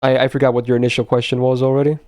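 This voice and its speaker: A man's voice: medium pitch, level tone, racing, a little mellow. A young man chatting casually on a live stream, blunt and swearing often as he talks to his chat.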